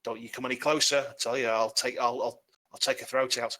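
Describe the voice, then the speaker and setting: A man's voice: mid-range voice, level tone, brisk, sharp tone, lightly acted. A man voicing a desperate male halfling who holds a hostage at knife point, with jittery, stammering threats. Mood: nervous.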